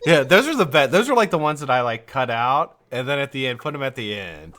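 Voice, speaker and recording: A man hosting a casual live stream chat, animated and agreeable, swearing now and then. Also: medium pitch, fairly quick.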